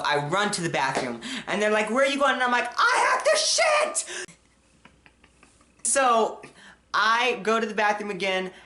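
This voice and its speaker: A young man telling a story on his vlog, animated and full of swearing, swinging from hushed to yelling. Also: high-pitched, echoey room. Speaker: vlogger.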